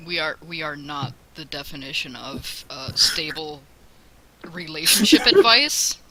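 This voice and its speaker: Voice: mid-range voice, lively intonation, measured pace, crowd noise, poor audio. A player at a tabletop game chatting casually, giggly and gushing.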